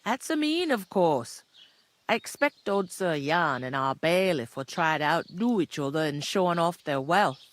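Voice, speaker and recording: A gossipy tavern keeper. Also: female voice, low voice, very animated, normal speed. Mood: chatty. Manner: accent drifts between regions mid-sentence. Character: gossipy tavern keeper woman, blunt and busy.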